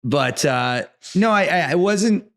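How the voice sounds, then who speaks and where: A man telling a story as a brewery co-founder guest on a podcast, animated and rambling, filling his speech with "like". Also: a little high, measured pace, vocal fry. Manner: animated, rambling, frequent "like" fillers. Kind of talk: casual storytelling.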